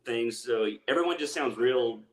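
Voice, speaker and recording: A man's voice: medium pitch, normal speed. Appalachian man talking in a roomy echo. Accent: Appalachian Southern. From Southwest Virginia, Appalachia. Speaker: stand-up comedian, guest. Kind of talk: casual interview chat.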